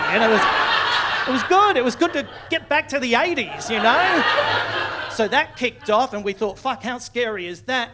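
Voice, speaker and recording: Sardonic Australian comic in a noisy club. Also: male voice, sits high. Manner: sardonic, swearing, mock-outraged. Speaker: stand-up comedian. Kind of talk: live stand-up comedy. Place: comedy club stage, live audience laughing.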